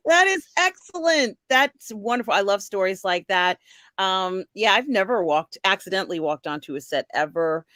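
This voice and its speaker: A woman's voice: mid-range voice, animated, normal speed, fairly bright tone, no echo, clean studio sound. A woman hosting a casual live-stream chat show, upbeat, welcoming guests and reading viewer comments aloud. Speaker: host.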